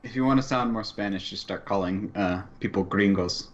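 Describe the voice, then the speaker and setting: A man from Southern California, a player in a tabletop game, talking haltingly and laughing easily. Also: lowish voice. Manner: halting, restarts a lot, quick to laugh. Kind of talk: casual tabletop game chat. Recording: muffled lo-fi audio.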